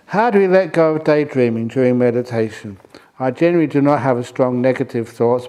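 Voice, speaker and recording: A Buddhist monk with a mellow, mid-range voice tells a playful story and fields questions at a retreat, frequently laughing at his own jokes. It's a storytelling Dhamma talk mixed with Q&A.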